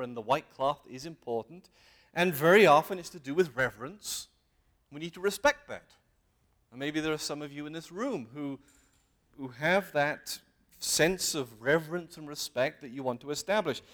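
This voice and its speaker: His voice a little high with a fairly bright tone, the man preaches an earnest sermon as a lay preacher before a congregation in a meeting hall. He often turns to questions and underlines his points with emphatic lifts.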